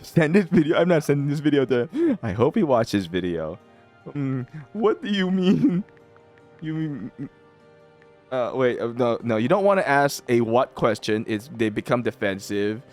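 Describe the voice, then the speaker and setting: A man's voice: mid-range voice, lively intonation, normal speed, darkish tone, soft background music. A man giving casual commentary while playing a mobile strategy game, chatty and teasing, often breaking into laughter.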